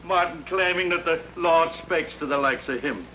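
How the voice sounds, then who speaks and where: Scoffing irish guy, high voice, dull noisy old film sound. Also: moderate pace, sharp tone. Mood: scornful. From Ireland. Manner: scornful and blustering. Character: indignant Irish man, scoffing and blustery. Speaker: neighbor. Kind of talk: 1950s film acting.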